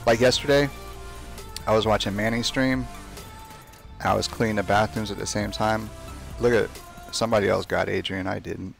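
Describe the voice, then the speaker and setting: Young male game streamer, low gravelly voice, chatty running commentary. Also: fairly even intonation, moderate pace, long pauses, soft background music. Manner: chatty, talks to himself while playing, trash-talks opponents. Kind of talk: casual live gameplay commentary.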